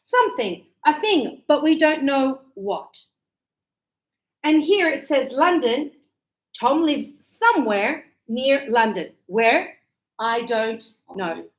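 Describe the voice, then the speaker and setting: A woman's voice: sits high, takes it slowly. A middle-aged woman with an Australian accent, teaching an English grammar lesson live and acting out little examples as she explains. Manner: lively, explains with acted examples. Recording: echoey room.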